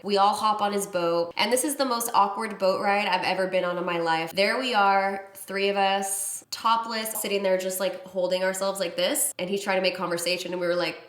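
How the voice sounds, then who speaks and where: Casting note: woman vlogger, mid-pitched, chatty and expressive, telling a story to camera in an echoey room. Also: normal speed, hardly any pauses. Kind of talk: casual story-time vlog.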